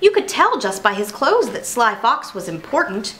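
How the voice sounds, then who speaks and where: A woman storyteller reading a children's storybook aloud in an expressive manner. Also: on the high side, normal speed, slight background noise. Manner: animated, expressive.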